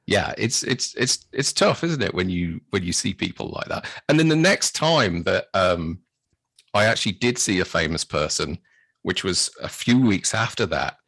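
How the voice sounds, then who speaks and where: A British man, a podcast guest, telling anecdotes in a casual, animated way. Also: sits low, normal speed, creaky, breathy edge, dry recording. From Britain. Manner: animated storyteller, acts out his own excitement. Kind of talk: casual storytelling chat.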